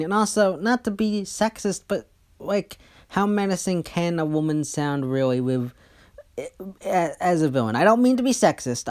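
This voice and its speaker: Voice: mid-range voice, darkish tone. Chatty host breaking down a trailer. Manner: chatty and opinionated, often restarting sentences. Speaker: YouTube channel host. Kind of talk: casual trailer breakdown commentary.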